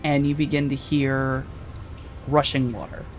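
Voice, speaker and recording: A man's voice: medium pitch, little pitch movement, unhurried, soft background music. Man narrating a tabletop game. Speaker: game master.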